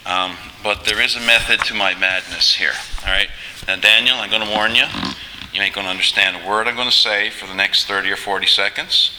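A man preaching a sermon in a measured, earnest way, turning to address listeners directly. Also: fairly low pitch, steady tone, pushed and bright, long reverb tail, slight background noise, rough recording.

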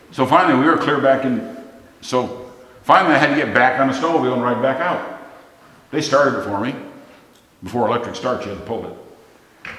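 A man's voice: medium pitch, fairly bright tone. Folksy preacher man in an echoey hall. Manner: folksy storytelling, plain spoken. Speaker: pastor. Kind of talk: sermon. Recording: echoey hall, long reverb.

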